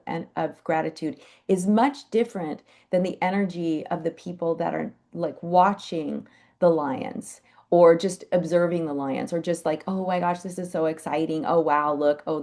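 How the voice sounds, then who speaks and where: A woman telling animal stories in a chatty, animated way on a live video call. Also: lowish voice. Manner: chatty, animated, with lively quoted asides. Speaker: animal Reiki practitioner sharing stories. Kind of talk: casual storytelling on a live call.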